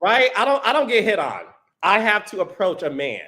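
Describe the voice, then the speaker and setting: High, lively man hosting a podcast. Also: fairly quick. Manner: animated, storytelling, repeats words. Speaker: podcast host. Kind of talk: casual chat.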